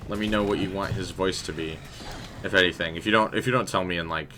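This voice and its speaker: A man with a low, deep voice gives loose, rambling commentary while he plays. He talks straight to his viewers and answers their messages. The audio has clear background noise and game sounds. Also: fairly even intonation, fast talker. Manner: chatty and rambling, talking to chat. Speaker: game streamer. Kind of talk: casual live gameplay commentary.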